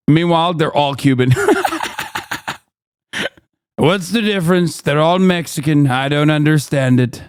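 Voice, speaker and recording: A man's voice: fairly high pitch, unhurried, pauses often, clean tone, no room sound, clean studio sound. A man casually commenting on clips as a streamer, sardonic and rambling, with restarts.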